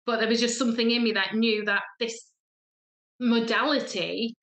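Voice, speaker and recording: A woman's voice: fairly high pitch, steady tone, normal speed, fairly bright tone. A woman in her thirties, a guest on a podcast, telling her story chattily and acting out the voices of people she quotes. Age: 30s. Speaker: guest, feng shui coach. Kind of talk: casual podcast chat. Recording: echoey room.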